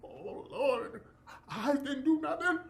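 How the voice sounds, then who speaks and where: A frightened man grovels and begs for mercy in a thin, whiny voice pitched far above a normal speaking voice, as a male commentator mocks him. The pleading comes out high and strained. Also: very animated, slow, vocal fry, roomy sound, full character voice.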